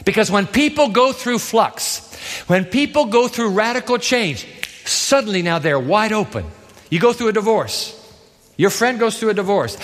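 Male pastor, theatrical sermon delivery, lively high voice, long hall reverb. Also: moderate pace. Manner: animated, theatrical storytelling.

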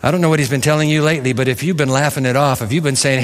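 A man preaching a sermon in a large church sanctuary, pressing his points with rising force and then dropping low. His voice sits a little high for a man. Long reverb from the hall trails every phrase. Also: lively intonation, fast talker, hardly any pauses, fairly bright tone. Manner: emphatic, preaching with rising and falling intensity. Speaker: pastor.

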